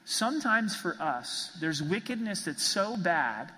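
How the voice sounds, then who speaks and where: A man's voice: high voice, big pitch swings, slow, bright, forceful tone, big-room sound, low-quality recording. A man preaching a sermon as pastor, earnest and emphatic, driving points home with repeated phrases.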